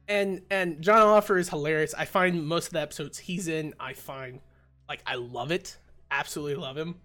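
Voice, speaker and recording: A man hosting a casual podcast, retelling a sitcom episode with lively acted-out quotes. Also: fairly high pitch, fairly quick, faint music behind. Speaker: podcast host.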